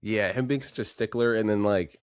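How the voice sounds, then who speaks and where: A man with a lowish voice talks through a film in an easy, joking way, acting out bits of dialogue. The sound is dry and close, with no room around it. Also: steady tone, a little fast, smooth, dry recording. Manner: laid-back, laughs often, acts out film lines. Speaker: podcast co-host. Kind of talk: casual film discussion.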